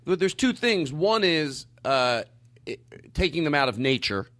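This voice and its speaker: A man's voice: a little high, very animated, measured pace, a bit bright. A man hosting a casual comedy podcast, rambling and earnest, often interrupting himself. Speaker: podcast host.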